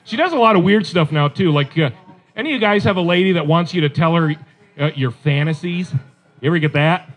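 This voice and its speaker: Male stand-up comic, middle-aged, high-pitched, chatty and self-deprecating, talks straight to the crowd. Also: fairly quick. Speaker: stand-up comedian. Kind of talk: stand-up comedy set.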